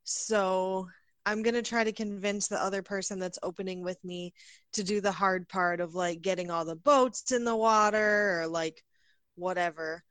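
A woman playing a tabletop game, relaxed and hesitant, full of fillers. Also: medium pitch, normal speed, smooth, no room sound. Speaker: player. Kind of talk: casual tabletop play.

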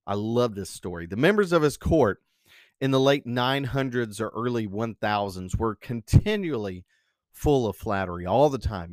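A man's voice: lowish voice, expressive, moderate pace, darkish tone, no room sound, clean studio sound. A man preaching a sermon, telling a story and acting out the quoted speech with animation.

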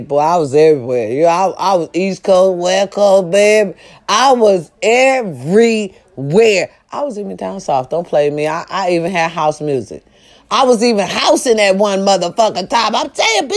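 A middle-aged woman chatting casually and loudly to her viewers, swearing freely and breaking into snatches of song. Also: medium pitch. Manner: loud, profane and animated, with sung snippets. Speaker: live-stream host.

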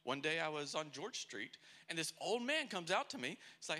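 A man's voice: a little high, very animated, normal speed, hardly any pauses, sharp tone. A man preaching a sermon in a church, telling stories with energy and acting out the people he quotes. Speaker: pastor.

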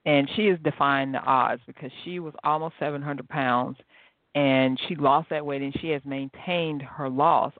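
A woman hosting her own podcast, telling stories in a chatty, animated, encouraging way. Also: low voice, dry recording. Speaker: podcast host. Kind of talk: casual motivational solo podcast. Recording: tinny phone-like dry sound.

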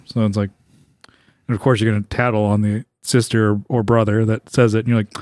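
A man's voice: fairly low pitch, level tone, brisk, darkish tone, no room sound, clean studio sound. A man co-hosting a podcast, laughing often and trading crude banter in casual chat.

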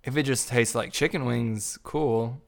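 Man, podcast co-host, casual chat, playful, musing aloud, mid pitch. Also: a little slow, vocal fry.

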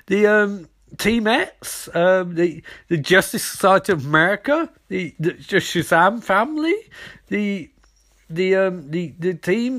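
A man's voice: high voice, animated, unhurried, fairly bright tone. A man hosting a podcast, recapping a TV episode in a sarcastic, rambling way with silly voices. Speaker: podcast host.

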